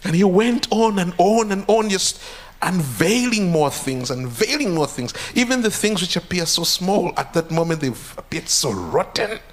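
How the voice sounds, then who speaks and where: A pastor giving an earnest testimony sermon, repeating phrases with rising intensity. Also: male voice, high voice, animated, moderate pace. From Uganda.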